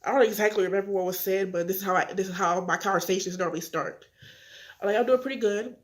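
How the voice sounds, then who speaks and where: A woman's voice: on the low side, steady tone, fast talker. An eighteen-year-old woman telling viewers about her life in a candid, earnest way, upset but holding back tears. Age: young adult. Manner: talks directly to viewers, acts out phone calls. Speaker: vlogger. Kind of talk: casual confessional vlog.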